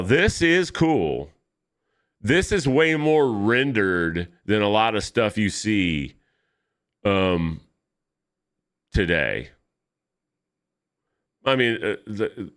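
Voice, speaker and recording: Deep, slow-talking man rambling about comics. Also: a bit bright, clear, resonant tone. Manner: rambling, nitpicky, self-correcting. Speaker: comic book vlogger. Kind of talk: casual commentary while flipping through comics.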